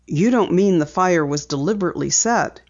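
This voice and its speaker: A woman reader voicing a gruff middle-aged male newspaper editor who asks brisk, pointed questions. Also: on the low side, lively intonation, highs cut off. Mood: probing.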